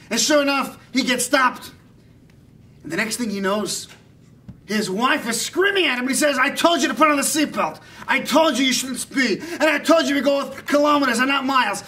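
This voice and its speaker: A man putting on a comic impression of an earnest older rabbi storyteller, preaching in a drawn-out, emphatic way at a live event. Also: very high-pitched, pushed and bright, far from the mic, exaggerated voice. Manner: sermon-like, drawn-out emphatic delivery. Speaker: jester performing an impression.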